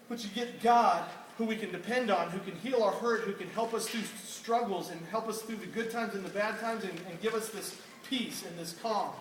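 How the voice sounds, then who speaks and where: A young male youth pastor tells an animated, laughing story and keeps asking his listeners questions before turning it into a sermon point. His voice sits high for a man. It is picked up from a distance in a roomy, noisy hall. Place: hall with a live audience.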